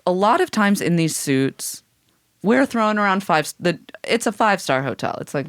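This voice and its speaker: A woman co-hosts a podcast in wry, casual talk, reading passages aloud and swearing freely. Her pitch moves a lot, with mock-shocked peaks. The sound is dry and close. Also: very animated, moderate pace, dry recording. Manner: wry, sardonic, swearing, reads out documents. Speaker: podcast co-host. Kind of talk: casual chat.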